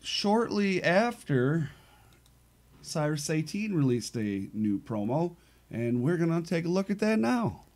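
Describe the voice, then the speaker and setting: A man's voice: a little high, very animated, normal speed, warm tone, a little hiss or hum. A man hosting a show, chatting casually and hesitantly with many fillers. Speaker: show host.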